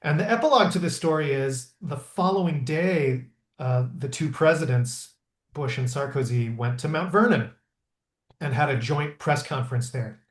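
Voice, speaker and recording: A man in his thirties, a historical interpreter, telling stories in a lively way with many fillers and restarts. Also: fairly high pitch, normal speed. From Pennsylvania. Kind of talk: conversational storytelling. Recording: roomy echo.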